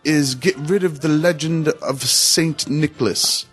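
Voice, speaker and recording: A man's voice: fairly high pitch, a little slow, a bit bright, husky, faint music behind. A man playing a stiff, scheming male propaganda minister, talking formally with a fumbling, hesitant accent.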